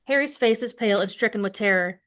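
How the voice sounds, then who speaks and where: Brief: woman teacher, expressive read-aloud of a novel to a class, then plain questions for the students. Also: mid-range voice, fast. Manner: expressive read-aloud, voicing quoted lines with more force.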